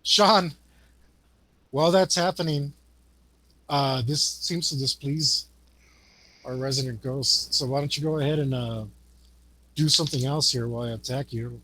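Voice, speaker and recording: A man's voice: medium pitch, a little slow, long pauses, sharp tone, a little hiss or hum, poor audio. A man narrating and running a tabletop horror game as game master, teasing his players.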